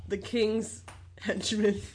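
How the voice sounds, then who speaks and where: A woman's voice: mid-range voice, flat delivery, takes it slowly, noisy background. A woman co-hosting a podcast, recapping a movie in casual chat, laughing often and acting out the characters' lines. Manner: laughs often, acts out quotes. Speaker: podcast co-host.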